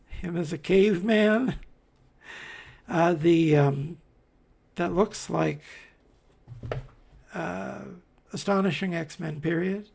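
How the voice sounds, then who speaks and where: A man's voice: sits high, extremely slow, gravelly, long pauses, darkish tone. A man casually reviewing comics as he pages through them, rambling with wry asides and many fillers. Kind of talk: casual commentary while paging through comics.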